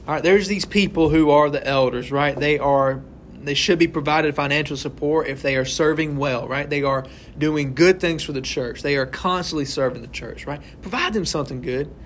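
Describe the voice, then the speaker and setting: With a voice on the high side, a man leads a Bible study in a conversational style, asking the group questions and acting out short scenes. He often caps his points with "right?", and there is slight background noise.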